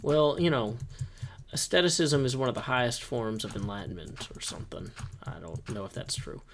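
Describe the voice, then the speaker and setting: A man's voice: mid-range voice, moderate pace, slight background noise. A man hosting his own video, rambling casually over Minecraft gameplay with self-deprecating jokes. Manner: excited, upbeat office tour. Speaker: host.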